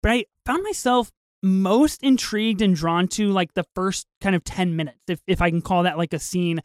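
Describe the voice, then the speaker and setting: A man's voice: high voice, normal speed, smooth, dry recording, studio quality. A man co-hosting a casual podcast, talking animatedly about a film, swearing and acting out lines. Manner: animated, swearing, acts out quotes. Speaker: podcast co-host.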